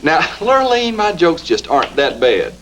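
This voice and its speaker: A man's voice: a little high, sing-song, moderate pace, fairly bright tone, a little hiss or hum, poor audio. An actor in a 1980s TV soap playing a friendly, joshing man who fancies himself a comedian. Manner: easygoing, joshing. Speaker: friendly joker, would-be comedian.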